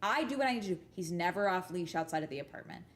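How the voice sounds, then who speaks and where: A woman's voice: fairly low pitch, animated, very fast. A woman livestreaming from home, telling rambling stories to her chat in a casual, profane, emphatic way and tagging sentences with "okay?". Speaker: livestream host chatting with viewers.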